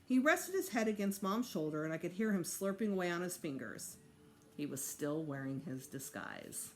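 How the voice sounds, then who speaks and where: A woman teacher reading a children's chapter book aloud with expressive narration. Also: on the low side, moderate pace, a little hiss or hum. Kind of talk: storybook read-aloud.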